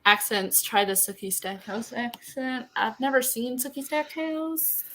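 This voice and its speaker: A woman chatting quickly and teasingly with friends over a video call. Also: on the high side, expressive, fairly bright tone, a little hiss or hum, poor audio. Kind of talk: casual chat.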